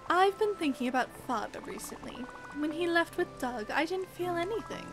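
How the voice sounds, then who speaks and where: A woman voicing a quiet young doe, confiding in a friend in a soft tone. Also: extremely high pitch, expressive, moderate pace, music in the background, voice pushed up. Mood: reflective.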